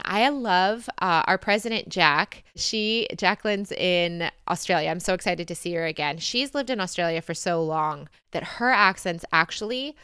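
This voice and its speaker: A woman's voice: on the low side, normal speed, few pauses, pushed and bright, clean tone, dry recording, clean studio sound. A woman in her thirties with an American accent, hosting a podcast and answering listener questions in a chatty, reflective way. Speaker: podcast host. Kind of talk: casual podcast Q&A.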